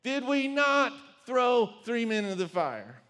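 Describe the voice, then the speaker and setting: A man's voice: very high voice, sing-song, a little slow, a bit bright, big-room sound, voice pushed up, exaggerated voice. A man voicing a hot-tempered ancient king who barks orders in a sermon retelling. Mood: astonished. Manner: commanding, barking orders. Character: furious tyrant king, male, hot-tempered.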